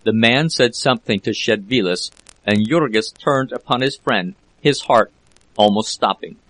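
A man's voice: fairly low pitch, poor audio. Man reading a classic novel aloud. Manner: steady, measured reading. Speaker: volunteer audiobook reader. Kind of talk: scripted narration.

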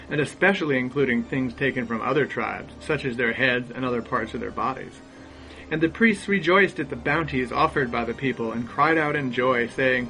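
Deadpan male storyteller. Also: medium pitch, rough recording. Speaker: narrator. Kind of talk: scripted narration.

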